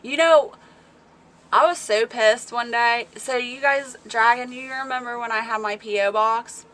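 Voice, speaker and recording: A woman with a fairly bright, higher-pitched voice speaks at a normal speed. She's hosting a casual livestream, chatting with viewers, telling stories, reading comments aloud, and laughing often.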